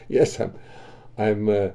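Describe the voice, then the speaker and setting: A man, a singer and bassist, chatting with online viewers between songs in a relaxed, joking way from his home studio. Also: vocal fry. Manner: wry, joking asides. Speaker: singer and bassist hosting a livestream.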